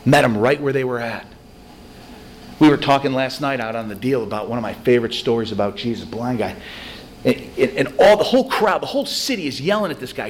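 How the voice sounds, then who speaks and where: Speaking to a recovery group, a man gives a chatty, self-deprecating spiritual talk, spinning stories with lively energy. His mid-range voice moves at a brisk clip over a faint hiss or hum.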